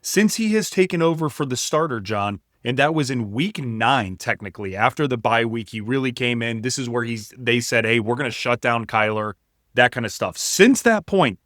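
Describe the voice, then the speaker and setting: A man co-hosting a sports podcast who gives emphatic, steady analysis and keeps calling the listeners guys. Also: medium pitch, normal speed, no echo, clean studio sound. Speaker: podcast co-host.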